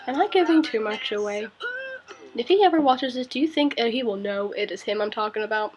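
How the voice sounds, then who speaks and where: A woman's voice: fairly high pitch, animated, fairly quick, soft background music, rough recording. A teenage girl vlogging, telling a story with exasperated sarcasm. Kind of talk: casual ranting vlog.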